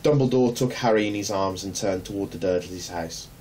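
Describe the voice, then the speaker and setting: A man reading a children's novel aloud in a measured, gentle storytelling manner. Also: low voice. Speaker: narrator. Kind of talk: audiobook reading. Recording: distant mic, faint hum.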